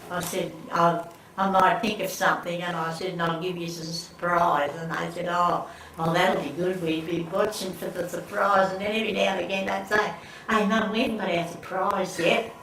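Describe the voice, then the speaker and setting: A woman's voice: fairly low pitch, fairly even intonation, normal speed, fairly bright tone. An older woman telling family stories in casual chat, rambling with many restarts and often laughing. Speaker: interviewee. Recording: echoey room, recorded from far off, faint background noise.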